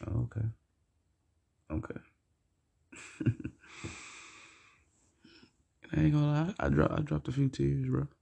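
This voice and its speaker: A man's voice: mid-range voice, takes it slowly, gravelly, long pauses, mellow, husky. A young man casually telling a rambling, slangy, profane personal story for his vlog.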